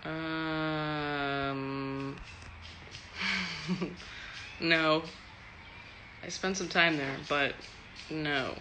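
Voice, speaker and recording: A woman's voice: sits low, steady tone, extremely slow, long pauses, noisy background. A woman from Texas, an actor, answering fan questions in a loose, chatty live stream, swearing freely and laughing often. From Texas, USA.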